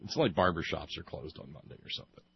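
A radio commentator with a bass voice delivers a long, sarcastic monologue that builds into comic outbursts. He's very animated and talks fast, his voice creaky and slightly rough. The recording is muffled and lo-fi.

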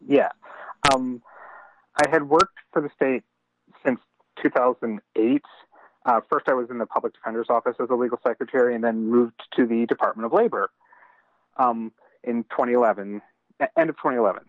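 A man's voice: mid-range voice, fairly quick, pauses often, dry recording. Casual man on a dull phone line. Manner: casual, hesitant, many likes and you knows. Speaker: phone-in guest. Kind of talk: phone interview. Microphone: telephone.

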